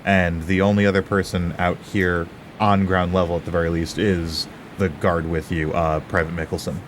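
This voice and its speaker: A man's voice: sits low, flat delivery, moderate pace, slight background noise. A man narrating as game master of a tabletop game in a casual, loose way.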